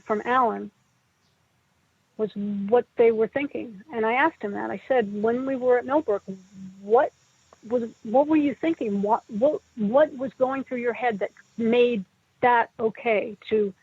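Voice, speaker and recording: A middle-aged woman tells her story in a halting, emotional way, her higher voice a little husky. The sound is thin and phone-like, and the room is dry. She comes across as a guest speaking over a remote call. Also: darkish tone, no echo. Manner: emotional, halting, tearful at times. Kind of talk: personal interview recollection. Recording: tinny phone-like line.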